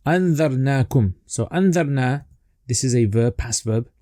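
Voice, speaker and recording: A man teaching a casual online lesson on rhetoric, explaining in a relaxed way with fillers and restarts. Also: mid-range voice, measured pace, no echo, clean studio sound.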